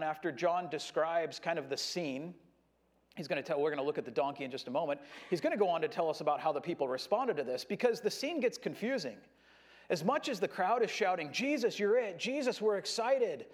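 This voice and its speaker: A man preaching a sermon in a conversational, animated way, acting out what a crowd shouts. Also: high-pitched. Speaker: pastor.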